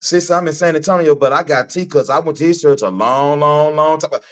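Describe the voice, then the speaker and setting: Animated, profane Texan man on a live rant. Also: on the high side, fairly quick. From Texas. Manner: animated, repetitive, preachy and profane. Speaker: host.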